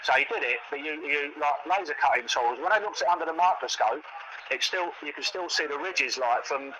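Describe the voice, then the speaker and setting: A co-host chats casually in a noisy home recording, rambling, repeating words, and telling stories packed with quoted dialogue. His voice is a little high and sharp, and he talks fairly quickly.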